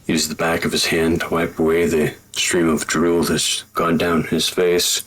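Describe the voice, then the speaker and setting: A man's voice: sits low, completely flat delivery, moderate pace, fairly bright tone. A man narrating a tabletop game as game master, in a theatrical, joking way.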